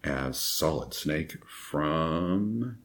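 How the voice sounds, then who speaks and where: A man with a deep, gravelly morning voice, talking casually to viewers. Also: lively intonation, drawn-out words. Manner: casual, low-key introduction. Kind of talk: casual vlog talk.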